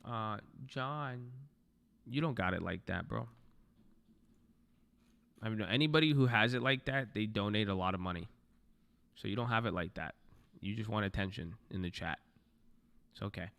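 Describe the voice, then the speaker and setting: Brief: young male livestream trader, gravelly edge, bright tone, blunt and profane, casual talk to viewers at his desk. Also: fairly low pitch, a little slow, long pauses. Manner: blunt, swears, talks to chat.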